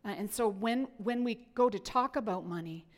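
A woman pastor preaching a sermon in an animated, playful way, often restarting her sentences. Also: medium pitch, moderate pace, long reverb tail.

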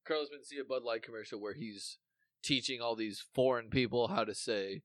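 A man's voice: mid-range voice, normal speed, no echo, studio quality. A man co-hosting a podcast in casual chat, rambling through memories, swearing freely and losing his thread. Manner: rambling, swears often, trails off mid-thought. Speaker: podcast co-host.

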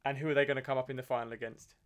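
Brief: easygoing young co-host, measured, a few hesitant restarts, mid-range voice. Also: male voice, mid-range voice, little pitch movement. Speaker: podcast co-host. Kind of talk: casual football podcast chat.

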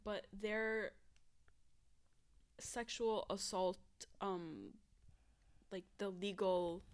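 A young woman guesting on a casual podcast, her voice in a middling pitch. She talks in a skeptical, questioning way, padding her thoughts with loose fillers. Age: young adult. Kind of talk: casual chat.

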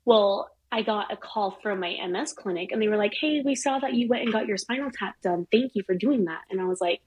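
A middle-aged woman telling a personal story in casual chat, animated and swearing freely. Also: mid-range voice, brisk, dull audio, slight background noise. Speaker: guest.

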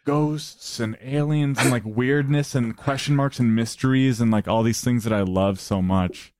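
A man talking as a musician guest in a casual podcast chat, relaxed and loose, with lots of "like" fillers. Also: medium pitch, normal speed. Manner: relaxed, heavy use of "like" fillers.

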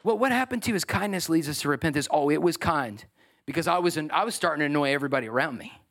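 A middle-aged man, preaching a sermon as pastor in an animated, joking way with asides to the congregation. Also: fairly high pitch, fast.

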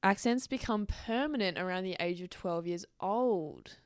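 A woman's voice: mid-range voice, a little slow, clean tone, dry recording, clean studio sound. A young Australian woman hosting her own podcast in casual, rambling solo chat, swearing freely and wandering into asides. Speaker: podcast host.

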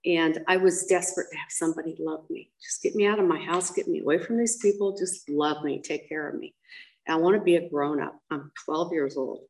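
Older american lady, low gravelly voice, blunt story about her past, lots of ums. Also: fairly quick, a little mellow, low-quality recording. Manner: blunt, frank, acts out quoted voices, frequent ums. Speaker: guest telling her life story. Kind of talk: candid personal storytelling.

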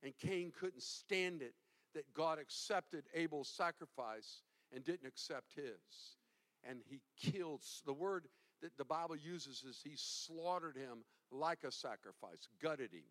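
Animated high-voiced male preacher. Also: unhurried. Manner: animated, emphatic, swings from hushed to loud. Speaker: pastor. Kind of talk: sermon.

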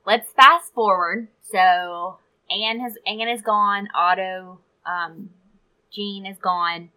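A woman's voice: mid-range voice, steady tone, slow, bright, forceful tone, low-quality recording. A woman co-hosting a podcast, retelling a story from her research in casual chat with asides. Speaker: podcast co-host.

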